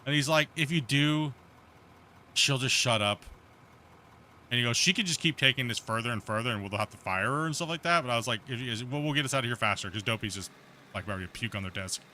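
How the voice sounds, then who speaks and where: A streamer host with a mid-range voice speaks very fast, telling a long, rambling story in casual voice chat on his live stream. The animated anecdote is riddled with fillers and restarts, and there's slight background noise.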